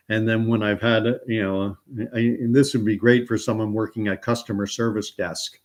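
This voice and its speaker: A man's voice: lowish voice, steady tone, moderate pace, few pauses. A man in his fifties, from Canada, hosting a casual live stream of news commentary, rambling with many fillers and chuckles. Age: 50s.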